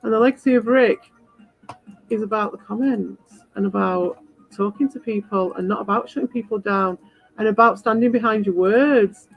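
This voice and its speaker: Blunt, sweary woman livestreaming. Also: on the high side. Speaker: livestream host. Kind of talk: rambling live chat to viewers. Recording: dull lo-fi with faint music.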